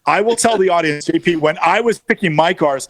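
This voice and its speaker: A co-host of a car auction show chats casually, rattling off prices and specs with easy, knowledgeable confidence. His voice is a little high and a little fast, with no echo.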